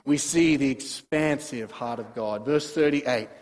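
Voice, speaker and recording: A man preaching through a Bible passage, animated, dropping to soft asides and rising to emphatic bursts. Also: medium pitch, a little slow, long reverb tail. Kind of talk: sermon, Bible exposition.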